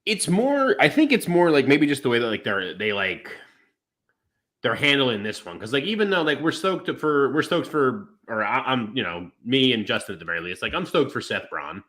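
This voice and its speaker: A man co-hosting a casual wrestling chat, his pitch swinging high and low. He rambles through his points and breaks into quick impressions of the people he quotes. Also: sing-song, a bit bright. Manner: rambling, acts out quotes with big pitch jumps. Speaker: podcast co-host.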